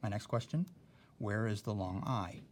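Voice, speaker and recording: A man's voice: lowish voice, moderate pace, a little hiss or hum. A young man teaching a recorded spelling lesson, patient and careful, often checking in with "okay?".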